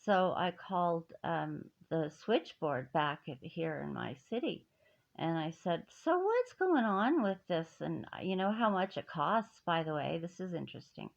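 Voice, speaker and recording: A woman's voice: low-pitched, animated, normal speed, vocal fry. A middle-aged woman telling a personal grievance in an emphatic, indignant way, with many restarts. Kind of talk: personal story, speaking to camera. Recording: dull lo-fi audio.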